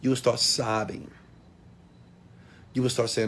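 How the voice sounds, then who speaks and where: A man giving a motivational talk to an audience, preachy and direct, swinging from loud calls to hushed asides. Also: mid-range voice, flat delivery, measured pace, slight background noise. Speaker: motivational speaker.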